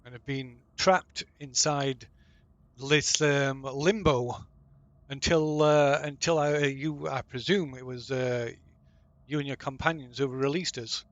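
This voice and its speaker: A man's voice: medium pitch, a little slow, no echo, lo-fi sound, natural voice. A man voicing a formal woman warrior in insect armour, long trapped in limbo.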